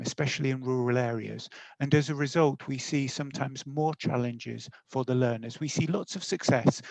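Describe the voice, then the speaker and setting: Gravelly-voiced man giving a webinar talk. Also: medium pitch, darkish tone, no echo, rough recording. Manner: friendly, explanatory, with fillers and self-corrections. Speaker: teacher educator giving a webinar. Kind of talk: webinar presentation.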